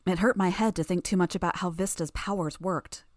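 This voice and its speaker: Audiobook narrator: a woman, lowish voice, measured delivery, very dry close mic. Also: dry recording. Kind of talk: first-person audiobook narration.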